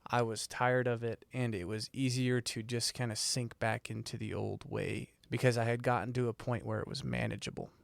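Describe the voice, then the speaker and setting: A man with a gravelly, fry-edged voice shares his struggles candidly on a faith podcast. He is reflective and unguarded. The mic is dry and close. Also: medium pitch, steady tone, moderate pace, hardly any pauses, no room sound. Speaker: podcast co-host. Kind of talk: casual faith podcast conversation.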